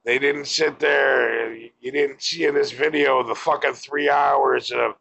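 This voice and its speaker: A man's voice: medium pitch, a little slow, creaky, hardly any pauses, pushed and bright, husky, dull audio. A man giving a blunt, profane opinion rant to camera as a vlogger.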